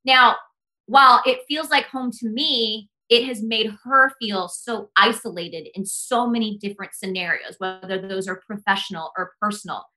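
A woman's voice: medium pitch, normal speed, bright, forceful tone. A young woman from the United States, a podcast guest speaking earnestly and passionately in casual conversation, often saying "like". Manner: impassioned, earnest, heavy use of "like".

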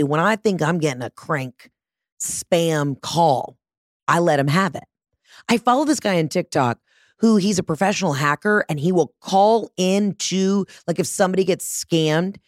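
Woman, lowish voice, dry close sound; animated, swearing comic storyteller. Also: no echo. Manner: animated, profane, acts out quotes. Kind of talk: casual comedic storytelling.

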